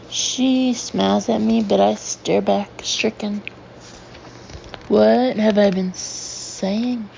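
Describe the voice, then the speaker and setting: A woman reads a first-person novel aloud at an unhurried pace, her low, mellow voice edged with gravel. She leans into the heroine's feelings as she reads. The recording sounds a little dull, with a faint hiss underneath. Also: fairly even intonation. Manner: emotive, voicing the heroine's feelings. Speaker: audiobook narrator. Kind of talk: first-person audiobook narration.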